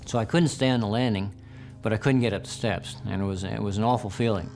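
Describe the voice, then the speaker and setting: A man with a low, gravelly voice recounts his survival in a documentary interview. He talks plainly and reflectively and pokes fun at his own mistakes. Guitar music plays clearly beneath him. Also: fast, a little mellow. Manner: plain, reflective, self-deprecating account. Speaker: survivor telling his story. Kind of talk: documentary testimony. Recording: music bed under interview.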